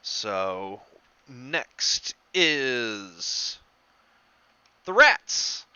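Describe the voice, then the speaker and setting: A man running a tabletop game as game master, talking in a halting way and laughing easily. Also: mid-range voice, sing-song, pushed and bright, smooth, dry recording, highs cut off.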